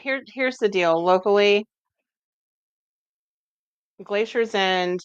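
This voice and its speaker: A woman's voice: mid-range voice, takes it slowly, smooth, no room sound, lo-fi sound. A woman with a Midwestern American accent hosting a casual cooking show, chatty and explaining each step as she goes.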